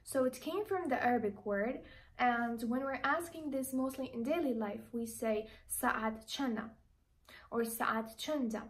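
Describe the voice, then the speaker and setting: A young woman from Iraqi Kurdistan teaching an online language lesson, speaking slowly and repeating each word with care. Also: high voice, lively intonation, far from the mic, rough recording. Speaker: language tutor.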